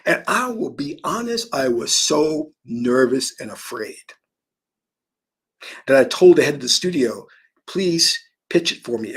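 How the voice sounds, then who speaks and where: A man's voice: mid-range voice, slightly rough. A man giving a motivational spiritual talk about manifesting through dreams, emphatic and given to storytelling.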